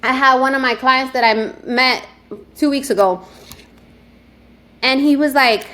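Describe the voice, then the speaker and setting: A woman's voice: sits high, a little slow. A woman from New York with a New York accent, chatting animatedly as a real estate agent guest on an interview show. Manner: animated, chatty, many fillers. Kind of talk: casual interview chat.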